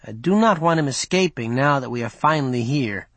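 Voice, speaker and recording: A man's voice: medium pitch, expressive, a little fast, dry recording. A bold young male rebel leader in an audiobook lays out his plan in an urgent, persuasive voice, as a man puts him on. The sound is dry and close, with no room around it.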